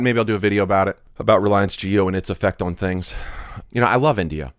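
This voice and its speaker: A man in his thirties delivering a heated, indignant rant to camera, swinging between loud outbursts and quiet asides. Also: fairly low pitch, quick pace, smooth. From United States. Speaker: vlogger.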